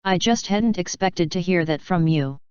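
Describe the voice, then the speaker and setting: A woman voicing a frustrated human husband who speaks flatly and needles his wife, in a smooth, dry, lo-fi reading. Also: on the low side, normal speed, no room sound, natural voice. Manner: flat, needling. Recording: dull lo-fi.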